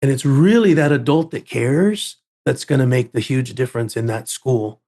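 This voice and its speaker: A man's voice: medium pitch, moderate pace, dark tone. A man who is a guest on a podcast interview, telling a story in an emphatic way and often repeating words as he builds up a point.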